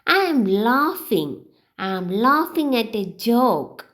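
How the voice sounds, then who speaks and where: A woman teaching beginners, reading short example sentences one by one in a slow, clear, sing-song way. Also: a little high, sing-song, a bit bright. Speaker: English teacher.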